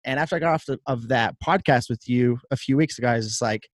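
A man's voice: mid-range voice, quick pace, no echo, studio quality. A man who owns a gym and coaches, talking candidly and earnestly in a casual podcast chat. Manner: candid and earnest, restarts often.

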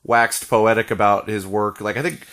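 A man's voice: fairly low pitch, steady tone, moderate pace, fairly bright tone. A man co-hosting a podcast, reviewing film releases in casual, wry, joking chat. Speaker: podcast co-host reviewing films.

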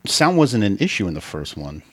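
A man hosting a casual podcast chat about a film, explaining points with halting fillers. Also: lowish voice, sing-song, a bit bright. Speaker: podcast host.

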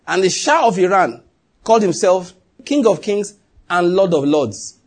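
Husky, high-voiced male pastor preaching. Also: lively intonation, measured pace. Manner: emphatic, questioning the congregation. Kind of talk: sermon.

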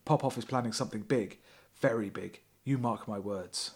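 A man's voice: on the low side, moderate pace, slightly rough, voice pushed down. A man voicing a shrewd female European chancellor in his plain reading voice, with no accent attempted, during a comic reading of a thriller novel. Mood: ominous.

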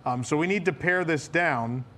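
A man co-hosting a casual podcast chat, animated and laughing often. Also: a little high, normal speed, slight background noise. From New York area. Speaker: podcast co-host.

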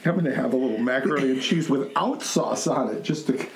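A man's voice: mid-range voice, fast talker, noisy background. A man co-hosting a casual podcast, joking and laughing often while his mouth burns from hot sauce. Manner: jokey, laughs often, teasing. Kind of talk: casual chat.

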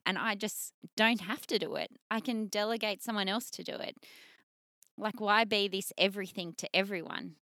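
A woman with a bright, forward tone who talks in a lively, rambling way full of fillers. Her voice is close and dry, with no room echo. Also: medium pitch, moderate pace. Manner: rambling, animated, lots of fillers. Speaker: guest. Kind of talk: casual chat.

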